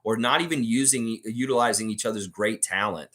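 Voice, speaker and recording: A man's voice: lowish voice, brisk, bright, forceful tone. A man hosting a live fan stream, reading viewer comments aloud and reacting to them in casual commentary. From Canada.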